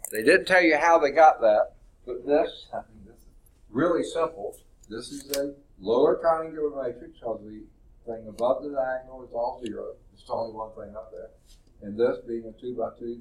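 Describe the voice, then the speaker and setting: Male math instructor, classroom lecture, unhurried and deliberate, mid-pitched voice. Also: slightly rough. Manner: deliberate, stretches words while writing on the board.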